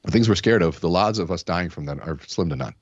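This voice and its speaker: A man's voice: deep voice, fast, no echo, dull audio. A man talking as a guest in an interview, telling stories and sprinkling in fillers like "you know". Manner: storytelling, acts out quoted characters, many fillers. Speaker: keynote speaker, podcast guest. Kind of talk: conversational interview with told stories.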